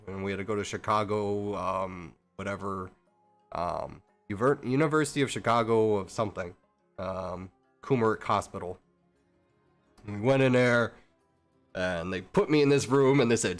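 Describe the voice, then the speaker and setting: A man's voice: on the low side, normal speed, soft background music. A man streaming a game, talking casually in a rambling, profane way with many restarts. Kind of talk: casual rambling chat while gaming.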